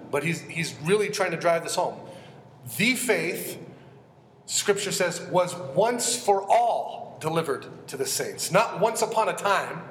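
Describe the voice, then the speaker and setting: A man's voice: on the high side, expressive, slow, a bit bright, slight background noise. Earnest male preacher in an echoey hall. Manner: earnest, emphatic, asks the congregation questions. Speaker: pastor. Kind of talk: expository sermon. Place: church sanctuary. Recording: echoey hall with long reverb.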